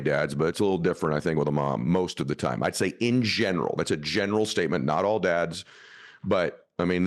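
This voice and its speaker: A man hosting an interview podcast, talking in an earnest, rambling and emotional way. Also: sits low. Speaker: podcast host. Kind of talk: casual interview talk.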